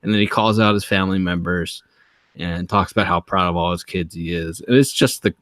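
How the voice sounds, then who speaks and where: A man's voice: low voice, a little fast, fairly bright tone, no room sound. A man co-hosting a casual podcast chat, enthusiastic, laughing often and restarting his phrases.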